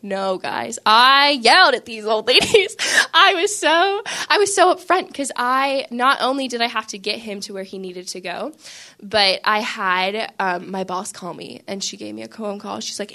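A young Catholic woman casually shares a faith story in a high, bright, forceful voice at normal speed. She's animated and chatty, using lots of filler words and laughing frequently.

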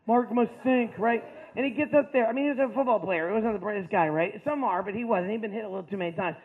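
High-voiced man telling a comic story. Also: quick pace. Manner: animated, acts out characters. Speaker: stand-up comedian. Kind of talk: stand-up storytelling. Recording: tinny phone-like sound.

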